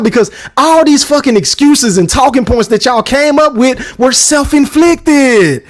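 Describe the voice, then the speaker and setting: A man's voice: very high-pitched, animated, normal speed, few pauses. A man hosting a podcast, delivering a profane, emphatic boxing rant and repeating lines for effect. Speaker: podcast host.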